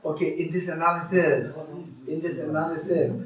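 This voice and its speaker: A man's voice: a little high, steady tone, moderate pace, far from the mic. A man teaching a retreat class in a hall, often checking whether the students follow and repeating his points. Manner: questioning, repeats himself, laughs with students. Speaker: Buddhist teacher. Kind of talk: dharma teaching with questions to students. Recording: echoey hall, voice off-mic.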